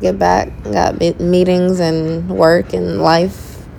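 Chatty woman with gravelly fry. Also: fairly low pitch, level tone, takes it slowly, mellow, slight background noise. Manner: laughing, chatty, trails off. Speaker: podcast co-host. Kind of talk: casual travel podcast chat.

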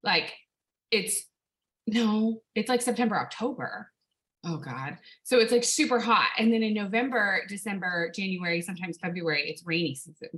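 Young woman, bright voice, casual chat, animated storytelling, swearing, laughing. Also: medium pitch, normal speed, low-quality recording. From California.

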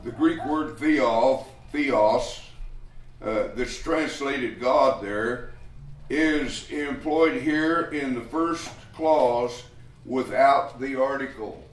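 A man's voice: mid-range voice, extremely slow. A man preaching a sermon in a church hall, working through scripture in a folksy, rambling way. He takes his time, and his voice rings with room echo, heard from some distance away from the mic. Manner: folksy, rambling Bible teaching with restarts and chuckles.

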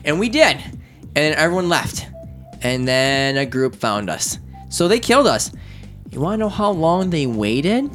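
A man telling a gaming story in casual chat with friends, acting out the lines other players shouted. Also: a little high, big pitch swings, unhurried, faint music behind.

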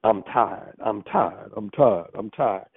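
Weary rough-talking younger brother, as a man puts him on. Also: fairly low pitch, slow, no room sound, full character voice. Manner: weary, complaining. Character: tired younger brother, rough street talk. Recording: tinny phone line.

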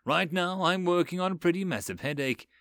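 A man's voice: sits high, animated, fairly quick, a bit bright, no room sound, pitched above the performer's own voice. A man voicing a world-weary, sardonic male occult fixer who mutters dry, brusque remarks.

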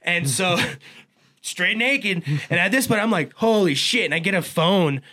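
A man spinning a long, profane yarn in casual conversation, with a bright, forceful edge to his voice. His pitch sits a touch high for a man, and he tells the story fast and animated. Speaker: podcast guest.

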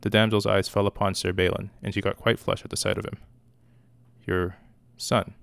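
Male reader, steady measured narration, low and gravelly, dry. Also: no room sound. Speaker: audiobook reader. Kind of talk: scripted narration.

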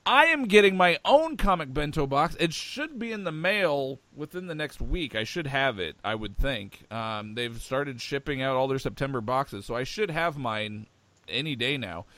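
A man's voice: mid-range voice, expressive, moderate pace, pushed and bright, no room sound. A man co-hosting a podcast, chatting casually and with enthusiasm, rambling with lots of fillers. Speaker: podcast co-host.

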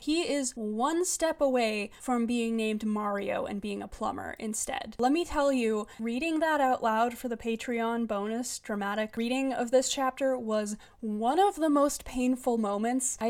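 A woman's voice: fairly high pitch, a little mellow. A young woman from the US recapping a book in casual chat, sarcastic and swearing freely as she rants. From United States. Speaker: podcast host reviewing a book.

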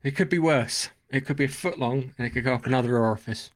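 A man co-hosting a casual podcast chat, animated and swearing as he acts out scenes. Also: mid-range voice, fast talker. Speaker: podcast co-host.

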